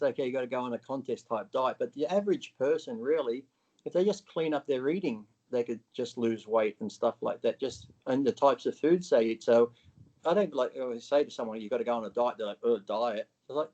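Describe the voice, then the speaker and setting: A blunt man chats as an interview guest, swearing freely and putting on other people's lines. His voice sits at an everyday middle pitch. The recording sounds dull and lo-fi. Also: mellow. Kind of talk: casual interview chat.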